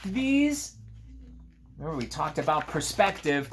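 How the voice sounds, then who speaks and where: A man reading a picture book aloud to young children, chatting gently about the pictures between pages. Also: on the high side, a little slow, creaky, slight background noise. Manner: animated, gentle, talks to young listeners. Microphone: camera on a tripod.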